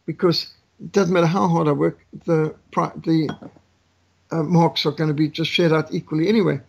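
A man's voice: fairly high pitch, vocal fry, slightly rough. A man speaking as a guest who lectures with anecdotes and jokes, in an emphatic, repetitive, preacher-like cadence.

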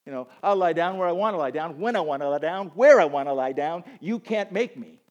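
A proud, stubborn sheep, as a preacher puts him on, defiant and sing-song as it insists on having its own way. The voice runs a little higher than the man's usual pitch and stays lively. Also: very fast, muffled recording, close to an everyday voice. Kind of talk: sermon illustration.

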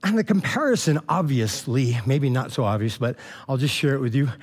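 A man's voice: medium pitch, sing-song, a little fast, breathy edge. A man, a pastor, preaching a casual sermon and retelling scripture in loose, slangy, chatty language with many restarts.

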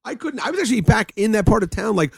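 A man's voice: high-pitched, fast talker, gravelly, slightly rough. A man telling a long rambling story in casual chat, laughing often and swearing. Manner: rambling, animated storyteller with frequent laughs and profanity.

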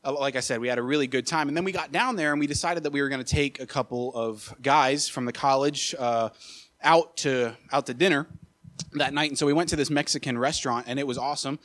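A young man preaching, telling a personal story in an animated way, with many filler uhs and repeated words. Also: medium pitch, quick pace. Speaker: associate pastor. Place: church sanctuary.

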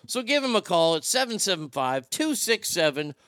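A man's voice: sits high, big pitch swings, normal speed, fairly bright tone, no echo. Crude, rambling comedy show host man. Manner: crude, rambling, swears freely.

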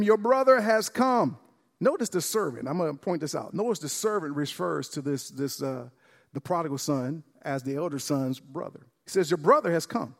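Animated preaching man, long church reverb. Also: a little high, vocal fry. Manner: animated preaching, acts out dialogue, repeats words. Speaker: pastor. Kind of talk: sermon. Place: church sanctuary.

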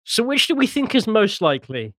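A man's voice: high-pitched, sing-song, a little fast, fairly bright tone, dry recording, clean studio sound. A man hosting a casual podcast chat, laughing often and reading posts aloud. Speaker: podcast host.

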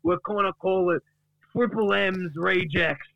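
A man putting on a loud, brash, crude boaster. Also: sits high, fairly even intonation, measured pace, vocal fry, no echo, lo-fi sound, voice pushed up. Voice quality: shouty and crude.

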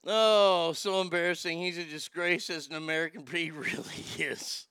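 A man's voice: fairly high pitch, fairly even intonation, normal speed, bright, forceful tone, clean tone, no room sound, studio quality. A man hosting a casual comedic talk show, laughing often and telling crude jokes. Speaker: host.

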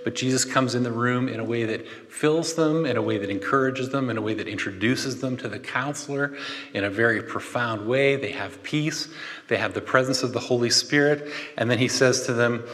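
Man, pastor, relaxed joking sermon, mid-pitched voice, long hall reverb. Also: fairly quick. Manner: animated, chatty, jokey asides with laughs. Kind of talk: conversational sermon.

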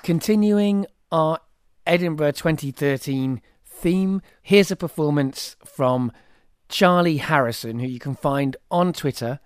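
A male host reads a brisk introduction. His voice is fairly high and smooth, and it sounds very dry and close, with no room around it. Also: no echo. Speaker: podcast host. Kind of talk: scripted introduction.

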